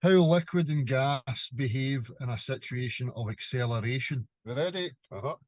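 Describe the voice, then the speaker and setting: A man presents a demonstration in an earnest, instructive tone. His voice is mid-pitched and sounds dry and close. The clip is played during a live stream. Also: moderate pace, dry recording. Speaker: video presenter. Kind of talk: explaining a demonstration.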